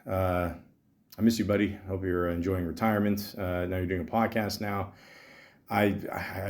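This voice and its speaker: A man's voice: lowish voice, darkish tone. A man in his thirties from Canada hosting a podcast, telling a rambling story with lots of fillers and casual swearing. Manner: casual, profane, meandering with many fillers. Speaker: podcast host.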